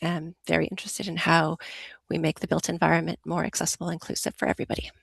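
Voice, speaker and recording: Woman w a cold, very scratchy gravelly voice, dry sound, zoom intro. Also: deep voice, completely flat delivery, fast talker, no echo. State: hoarse from a cold. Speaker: committee member, accessibility professional. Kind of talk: introduction at a committee meeting. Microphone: video call.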